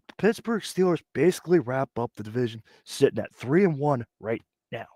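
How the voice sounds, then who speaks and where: A man's voice: medium pitch, dry recording. A man hosts a sports stream while nursing a cough. He rants and mocks in a voice that leaps up and down. The sound is close and dry, with no room around it. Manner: animated, mocking, mimics players. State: sick with a cough. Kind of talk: casual live-stream rant.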